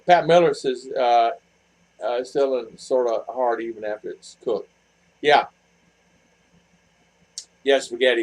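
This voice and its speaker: A man's voice: medium pitch, breathy edge, poor audio. Blunt rambling older man chatting. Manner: rambling, blunt, repeats himself. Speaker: vlog host reading live chat. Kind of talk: casual live-stream chat. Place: home in the Philippines.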